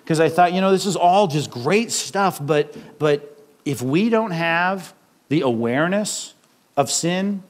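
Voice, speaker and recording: High-voiced animated male pastor preaching. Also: unhurried. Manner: animated, rhetorical questions, acts out quotes. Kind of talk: sermon.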